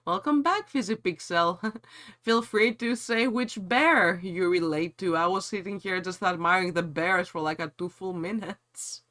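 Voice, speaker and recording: A man's voice: high voice, unhurried, bright, forceful tone. A man streaming a game and chatting casually with his viewers in a playful, giggly way.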